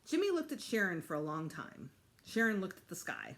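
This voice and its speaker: Teacher reading a storybook aloud, animated. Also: female voice, fairly low pitch, brisk. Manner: expressive, animated. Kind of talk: reading a children's book aloud.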